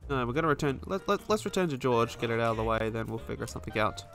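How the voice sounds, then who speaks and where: A man's voice: medium pitch, expressive, rapid-fire, fairly bright tone, soft background music. A man giving casual, chatty commentary while playing a video game, reacting as he goes. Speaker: let's play gamer.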